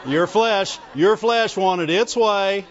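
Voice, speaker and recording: A man's voice: high-pitched, slow pace. A man preaching a folksy sermon in church, calling out to the congregation for amens as he goes. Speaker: pastor. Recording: dull lo-fi recording with long reverb.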